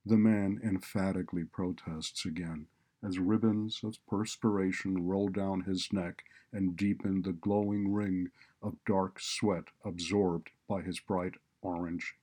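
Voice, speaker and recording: Male storyteller, low pitch, slow deliberate delivery. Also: fairly even intonation, a little mellow. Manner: slow, deliberate, descriptive reading. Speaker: narrator. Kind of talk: scripted story narration.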